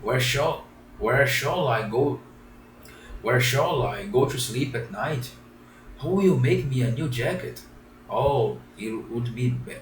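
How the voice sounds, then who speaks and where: A man's voice: mid-range voice, lightly acted. A man voicing a despairing young wooden puppet boy, pleading in a raised, tearful voice. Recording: roomy, distant, faint background hiss.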